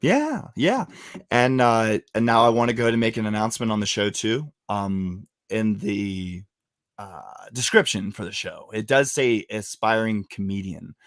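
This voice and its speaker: A man's voice: lowish voice, normal speed, no echo, studio quality. A man from West Virginia hosting a casual podcast, telling stories with plenty of swearing and laughter. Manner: animated storyteller, swears freely, laughs often. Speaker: podcast host.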